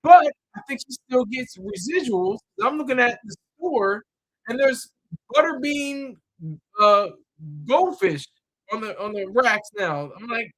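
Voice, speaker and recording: A man's voice: very high voice, animated, unhurried, fairly bright tone. A man talking in a loose, rambling monologue, full of fillers, repeated words and restarts.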